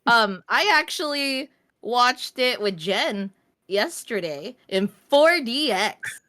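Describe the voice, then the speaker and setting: A woman's voice: fairly high pitch, animated, slow, bright, forceful tone, dry recording, clean studio sound. A woman co-hosting a podcast, casually recounting a joke she saw and laughing along. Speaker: podcast co-host. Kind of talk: casual chat.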